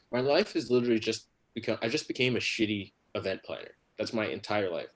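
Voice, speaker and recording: Rambling lower-voiced male comic. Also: fast, few pauses. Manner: rambling, many fillers and restarts, crude. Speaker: stand-up comedian. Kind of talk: stand-up set on a livestream.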